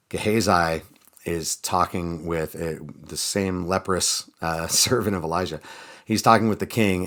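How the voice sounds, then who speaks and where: A man, a pastor, casually retelling Bible stories in a relaxed way, with plenty of fillers. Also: low voice. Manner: relaxed storytelling with frequent fillers. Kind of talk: casual Bible reading reflection.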